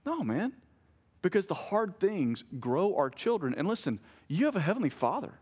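A man's voice: sits high, sing-song, normal speed, a little mellow, slightly rough. Conversational man preaching. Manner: conversational preaching with family anecdotes and self-corrected jokes. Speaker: pastor. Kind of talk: sermon.

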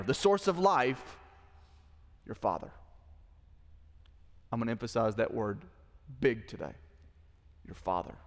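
A man's voice: mid-range voice, in a large hall. A man preaching a sermon as pastor, talking conversationally and asking the congregation questions. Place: church sanctuary.

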